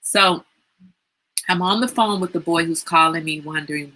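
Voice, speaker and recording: A woman hosting a casual livestream, telling stories in an animated, teasing way and laughing often. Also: lowish voice, moderate pace, low-quality recording. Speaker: livestream host.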